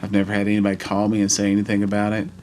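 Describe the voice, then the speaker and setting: A man in his forties telling a heartfelt personal story in a vlog, earnest and halting. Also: fairly low pitch, monotone, darkish tone, a little hiss or hum. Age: 40s. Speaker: vlogger.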